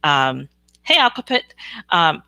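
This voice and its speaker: Bright, frank woman chatting to viewers. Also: low-pitched, sing-song, slow, dry recording. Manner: chatty and frank, answering viewer comments with frequent ums. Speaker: psychic reader hosting a live stream. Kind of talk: casual live stream chat with viewers.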